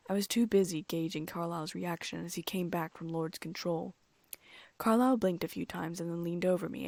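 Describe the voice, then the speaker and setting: Gravelly woman reading an audiobook. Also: lowish voice, a little mellow, no room sound. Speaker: audiobook narrator. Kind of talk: first-person audiobook narration.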